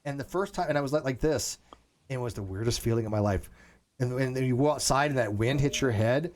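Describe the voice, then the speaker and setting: A man with a mid-pitched voice talks fast while hosting a casual live online chat. The host, a military veteran, is animated and often restarts sentences, repeating words as he begins them.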